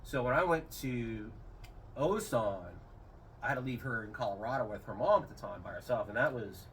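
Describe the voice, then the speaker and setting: A man's voice: mid-range voice, moderate pace. A middle-aged man, a retired airman, telling rambling stories in a casual interview. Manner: rambling, animated quoting with raised voice. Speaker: interview guest, retired Air Force. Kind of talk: casual storytelling. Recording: slightly distant mic, faint room noise.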